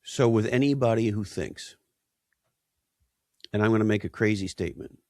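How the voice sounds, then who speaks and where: A man's voice: fairly low pitch, normal speed, mellow, no room sound, studio quality. Emphatic man full of rhetorical questions. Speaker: guest. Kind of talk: conversational interview.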